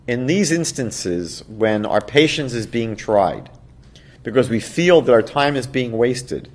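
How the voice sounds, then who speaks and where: A rabbi with a mid-range voice teaches a class by telling a story. He acts out its characters in raised, excited voices and gives a soft laugh now and then.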